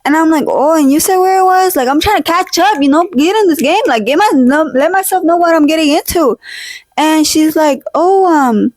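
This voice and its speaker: Chatty high-voiced young woman storyteller. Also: lively intonation, moderate pace, dry recording. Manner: chatty, slangy, mixes in Spanish phrases. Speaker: podcast vlog host. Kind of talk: casual storytelling chat. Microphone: handheld or desk mic, drifts off it. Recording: poor home recording.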